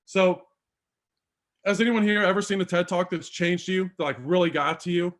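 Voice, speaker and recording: A man's voice: high-pitched, moderate pace, fairly bright tone. A man giving a live seminar talk on presenting, speaking conversationally and asking the audience questions, with many fillers. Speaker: speaker coaching doctors on presentations.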